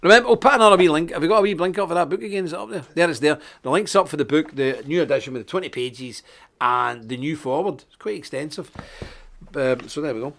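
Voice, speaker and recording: A man's voice: a little high, fast, vocal fry, a bit bright. A middle-aged Scottish man hosting a live online show, ranting indignantly with sarcastic asides. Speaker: host.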